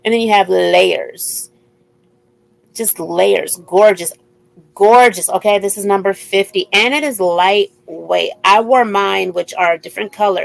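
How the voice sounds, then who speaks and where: Over poor audio, a live-stream jewelry seller talks slowly in a gravelly, medium-pitched voice. Chatting casually, she shows each piece and repeats its item number.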